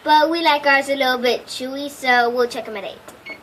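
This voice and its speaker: High-voiced young woman, kitchen vlog. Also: steady tone, moderate pace, fairly bright tone, a little hiss or hum, rough recording. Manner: cheerful, short chatty replies. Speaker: daughter co-hosting a cooking video. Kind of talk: casual home cooking vlog. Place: home kitchen.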